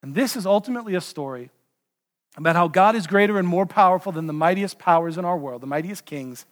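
A man preaching a sermon, retelling a Bible story in an animated way and putting direct questions to the congregation. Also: high voice, fast talker, in a large hall. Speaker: pastor.

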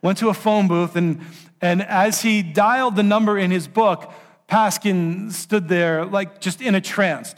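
A man with a fairly high voice delivers a sermon as a story. He tells it with animation and gives the people in it their own lines. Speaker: preacher.

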